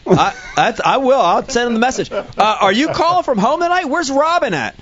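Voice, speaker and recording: Very high-voiced teasing male host. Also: a little fast. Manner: teasing, excitable. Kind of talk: comedic talk show banter. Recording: dull lo-fi audio.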